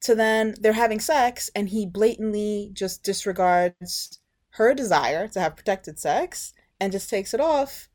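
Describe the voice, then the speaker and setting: A woman's voice: medium pitch, a little slow. A woman co-hosting a podcast, casually retelling a reality show episode and acting out what people said. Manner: animated retelling, acting out quotes. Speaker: podcast co-host.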